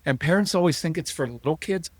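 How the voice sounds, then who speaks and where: A middle-aged man, a parenting coach as a podcast guest, telling stories lively and acting out quotes from parents and kids. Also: fairly high pitch, fast, no room sound. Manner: animated storyteller acting out parent and child quotes. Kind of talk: conversational interview.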